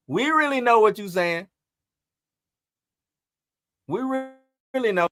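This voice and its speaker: Brief: lively male commentary host, high-pitched and animated. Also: slow pace, no echo, clean studio sound. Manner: animated, emphatic, rhetorical questions. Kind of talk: entertainment news commentary.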